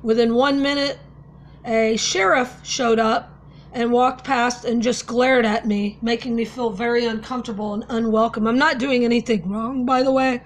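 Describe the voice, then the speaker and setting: A woman's voice: a little high, steady tone, normal speed, a little hiss or hum. A woman talking casually to camera in a vlog, telling a story in a conversational, earnest way. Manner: conversational, with fillers and restarts, earnest. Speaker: vlogger.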